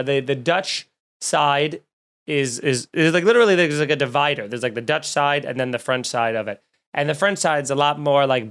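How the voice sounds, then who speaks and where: A man's voice: fairly high pitch, a bit bright. Rambling, jokey man hosting a podcast. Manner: rambling, jokey storyteller with many restarts. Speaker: podcast host and comedian. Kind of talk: casual chat.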